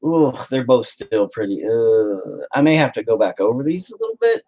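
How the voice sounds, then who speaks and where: Foul-mouthed man narrating his painting, husky voice with a lively, swooping pitch. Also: normal speed. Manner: profane, self-deprecating rambling. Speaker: painting vlogger. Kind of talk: casual commentary while painting.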